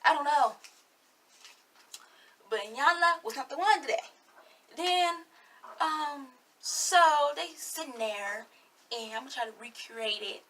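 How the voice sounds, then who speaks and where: Young woman, 18, sassy vlog commentary, bright sharp voice, a little off-mic. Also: high-pitched, lively intonation, slow pace, pauses often, recorded from a distance. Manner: sassy, blunt, chatty. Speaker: vlogger. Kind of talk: casual reality-TV commentary.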